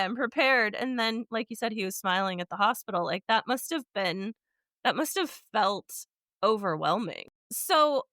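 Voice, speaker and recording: A woman hosting a podcast interview, effusive and enthusiastic, with quick bursts of speech. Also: mid-range voice, fairly bright tone, dry recording, clean studio sound. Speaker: podcast host. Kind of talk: conversational interview.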